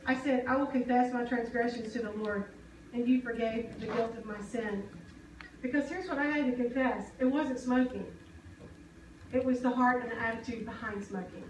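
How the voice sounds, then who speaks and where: A woman's voice: on the high side, fairly even intonation, moderate pace, slight background noise. A woman preaching a sermon, earnest and conversational, often asking the congregation questions. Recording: echoey hall, mic at a distance.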